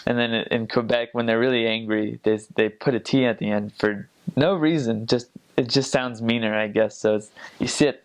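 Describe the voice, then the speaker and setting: This returned missionary, a young man with a medium-pitched, fairly even voice, talks at a moderate pace with few pauses. His casual stories ramble, full of fillers and restarts, and he imitates accents along the way.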